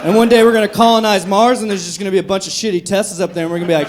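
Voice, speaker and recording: A man's voice: high voice, steady tone, racing, hardly any pauses, some chatter behind, slight background noise. A young adult man doing a stand-up comedy set on a club stage, profane and rambling, often laughing at his own jokes. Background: audience laughter.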